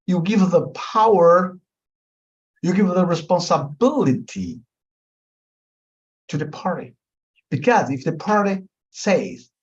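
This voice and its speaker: A man's voice: on the high side, a little mellow, muffled recording. A man teaching mediation in a webinar, with an emphatic, repetitive delivery that stretches out key words. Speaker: mediation instructor.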